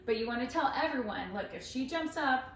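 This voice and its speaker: A woman's voice: animated, fairly quick, fairly bright tone. A woman dog trainer explaining and demonstrating in a chatty, upbeat way. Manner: chatty, upbeat, switches to high praise voice with the dog. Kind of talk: instructional dog training demo. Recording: roomy echo, voice from a distance, faint music.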